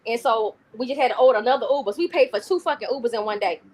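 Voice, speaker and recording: A woman's voice: fairly high pitch, very fast, darkish tone, husky. A woman hosting a livestream who talks casually, bluntly, and swears freely. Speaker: livestream host.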